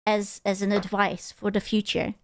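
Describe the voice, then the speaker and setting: A woman's voice: mid-range voice, monotone, normal speed, slight background noise. Blunt, sweary woman streamer. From Europe. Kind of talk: casual reaction stream.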